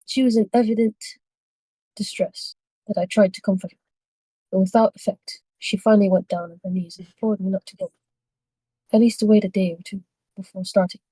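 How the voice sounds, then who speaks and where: A woman reading a novel aloud for a book club, steady but with small slips and self-corrections. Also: medium pitch, brisk, long pauses, no room sound, poor audio.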